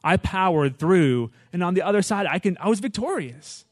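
A man preaching in a conversational, animated way, often asking the audience "right?" and "you know". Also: high voice, moderate pace, dry recording, clean studio sound. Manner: animated, acts out his own prayers with rising intensity. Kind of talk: conversational sermon.

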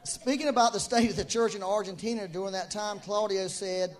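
A man's voice: sits high, lively intonation, a little fast, few pauses. A man preaching an informal, conversational sermon, often repeating his key phrases for emphasis.

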